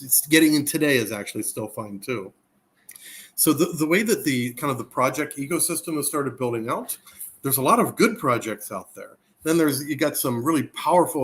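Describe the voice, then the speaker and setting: A man's voice: mid-range voice, fairly bright tone. A man as a guest in a casual crypto interview, talking eagerly in a rambling way with repeated words.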